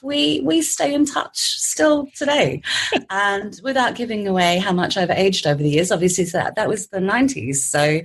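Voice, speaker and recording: A woman's voice: on the low side, husky. An Australian woman in her forties, a podcast guest telling a story with frequent laughter and acted-out quotes. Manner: animated storyteller, laughs often, acts out quoted voices.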